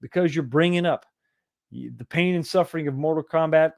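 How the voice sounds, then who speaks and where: A man's voice: on the high side, a little fast, vocal fry, a little mellow. A man hosting a casual livestream, rambling and restarting his sentences as he talks. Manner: rambling, repeats words and restarts often. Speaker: livestream host.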